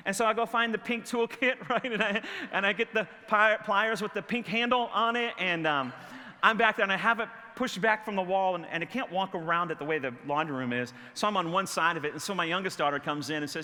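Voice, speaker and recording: Lively storytelling male pastor, high bright voice. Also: fairly quick, big-room sound, a little hiss or hum. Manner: storytelling, self-mocking, animated with shouted bursts. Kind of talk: sermon. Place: church sanctuary.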